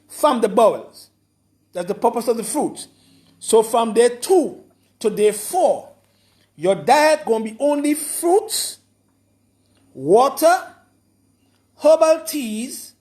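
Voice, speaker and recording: A man giving an informal lecture, explaining slowly and repeating his points with emphasis. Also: very high-pitched, a little mellow. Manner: slow, repetitive, emphatic explaining. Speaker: herbalist explaining a program.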